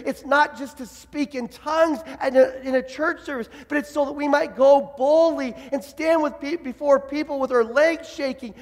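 A man preaches with fervor and a high voice, slipping into the voices he quotes. His words ring out with a long reverb, as in a large church hall. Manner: impassioned, acts out quoted voices. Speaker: pastor. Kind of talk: sermon.

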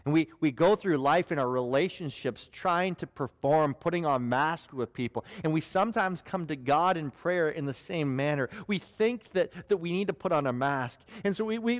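A man's voice: fairly high pitch, normal speed, few pauses. A male pastor preaching a sermon, earnest and speaking straight to his listeners. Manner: earnest, addresses listeners directly. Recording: long hall reverb.

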